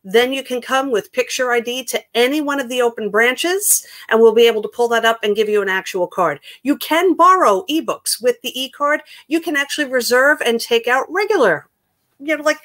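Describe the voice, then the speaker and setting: A woman's voice: on the high side, lively intonation, moderate pace, fairly bright tone. A woman, a children's librarian from Queens leading an upbeat, sing-song story time with songs. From Queens, New York.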